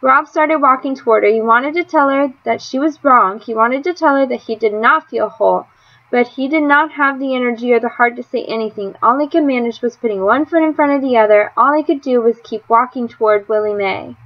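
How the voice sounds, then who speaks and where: A woman reading a children's novel aloud in a measured, expressive way. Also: fairly high pitch, highs cut off. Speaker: audiobook reader. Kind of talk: storybook narration.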